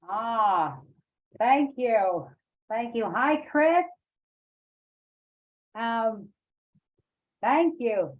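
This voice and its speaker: A woman leading a poetry workshop, talking haltingly with many fillers and restarts. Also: on the high side, lively intonation, phone-quality sound. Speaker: workshop leader. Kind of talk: online poetry workshop discussion.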